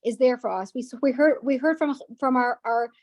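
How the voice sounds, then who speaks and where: Woman guest speaker, earnest storytelling with restarts, fairly high voice, dry close sound. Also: fairly quick, darkish tone, dry recording. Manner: earnest, with frequent restarts and repetitions. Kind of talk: personal story at a women's gathering.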